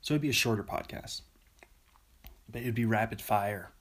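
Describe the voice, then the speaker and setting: A man's voice: fairly low pitch, normal speed. A man hosting a solo podcast in a rambling, self-amused way, often laughing at his own jokes. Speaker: podcast host.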